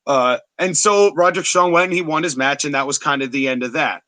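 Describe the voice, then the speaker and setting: A fairly high, bright male voice that tells a story in an animated, chatty way. The sound is dry and close, with no room echo. He is hosting a casual podcast recap. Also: fairly quick. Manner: animated, chatty, with filler words. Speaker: podcast host. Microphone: live-stream setup.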